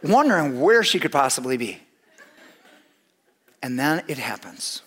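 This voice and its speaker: A middle-aged man telling a humorous story to an audience, lively and full of restarts. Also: measured pace, slightly rough. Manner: animated, with big swings in pitch and loudness; repeats and restarts phrases as he talks.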